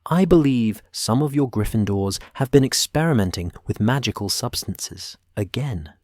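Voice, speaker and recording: A man playing an icily calm woman professor. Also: mid-range voice, normal speed, no echo, studio quality, natural voice. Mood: icy. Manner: deadly calm.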